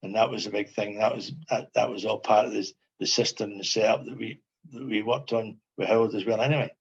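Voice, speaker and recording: A man's voice: lowish voice, steady tone, fairly quick, creaky, slightly rough, lo-fi sound. An older man, a former footballer, reminiscing as a podcast guest in a rambling way, repeating phrases and asking "you know what I mean". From Scotland. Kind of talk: casual reminiscing chat.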